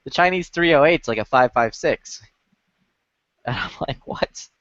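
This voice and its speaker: A man's voice: mid-range voice, animated, a little slow, fairly bright tone, no echo, lo-fi sound. Rambling profane man on voice chat. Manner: profane, rambling, many filler "like"s. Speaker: lobby chat regular. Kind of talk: casual storytelling chat.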